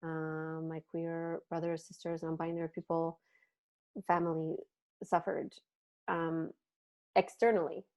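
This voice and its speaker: A woman from Canada, a podcast guest in casual chat, telling stories with animated acted-out quotes and casual swearing. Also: low voice, a little slow, long pauses. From Ontario, Canada.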